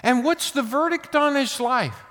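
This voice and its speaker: An older man preaching a sermon as pastor, emphatic, swinging between loud bursts and hushed asides. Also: very high voice, unhurried, big-room sound.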